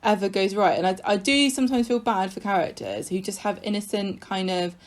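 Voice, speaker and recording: A woman co-hosting a casual chat podcast about a soap opera, blunt and opinionated, quick to exclaim. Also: mid-range voice, animated. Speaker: podcast co-host.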